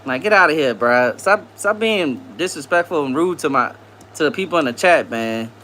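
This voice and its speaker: A man hosts a live stream and answers chat in a relaxed, slangy way. His voice is bright and fairly high for a man. His pitch swings widely from line to line. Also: moderate pace, a little hiss or hum. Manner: laid-back slangy banter, laughs often.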